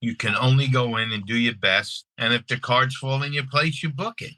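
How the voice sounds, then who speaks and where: A middle-aged man from Long Island with a New York accent, an actor telling stories in a casual interview, animated and repeating his words as he acts out scenes. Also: medium pitch, moderate pace, no room sound, rough recording. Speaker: actor and guest.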